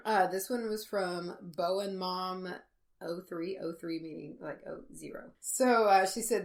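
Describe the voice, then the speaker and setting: A woman with a Texan accent, co-hosting a podcast in relaxed casual chat, swearing easily. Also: on the low side, unhurried, gravelly. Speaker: podcast co-host.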